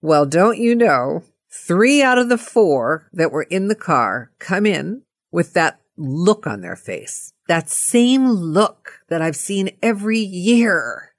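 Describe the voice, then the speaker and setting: A middle-aged woman telling a personal anecdote in a playful, animated way. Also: on the low side, slow, few pauses, dry recording, studio quality. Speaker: storyteller.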